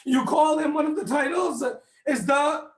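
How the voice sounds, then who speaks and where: A man with a very high voice preaches a fervent sermon, pressing his listeners with questions and often pushing to a near shout. The sound rings around an echoey congregation hall. His delivery stays urgent and emotional. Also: moderate pace. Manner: addresses listeners directly with questions. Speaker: speaker at a mourning gathering. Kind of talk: impassioned sermon.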